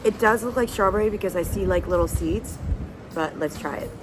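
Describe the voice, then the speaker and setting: Speaking fairly quickly in a mid-range voice, this woman narrates a casual travel vlog to camera. She's out and about, moving between outdoor spots and cafes, enthusing about food and places, with street and traffic sounds in the background.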